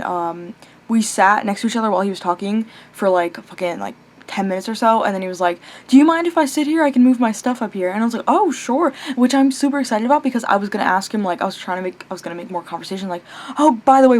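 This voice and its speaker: Rambling young woman vlogging late at night. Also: medium pitch. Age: young adult. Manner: rambling, swears casually, many fillers and restarts; chatty and animated, breaks off to talk to her pet.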